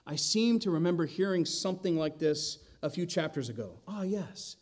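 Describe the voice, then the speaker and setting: A man's voice: fairly high pitch, expressive, normal speed, hardly any pauses, darkish tone. A man preaching an expository sermon in a church, asking the congregation rhetorical questions and adding wry asides. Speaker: pastor. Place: church sanctuary.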